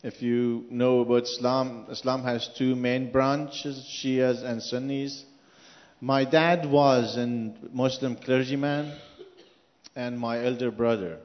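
A man's voice: mid-range voice, little pitch movement, long reverb tail, lo-fi sound. A man from Iran with an Iranian accent, earnestly answering questions as a guest at a church gathering. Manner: earnest, speaking slowly with a foreign accent. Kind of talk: church interview.

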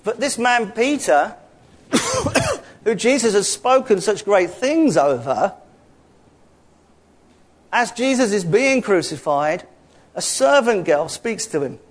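A man's voice: sits high, very animated, takes it slowly, pauses often. A middle-aged man with a London accent giving a chatty, conversational sermon full of asides and rhetorical questions. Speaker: preacher.

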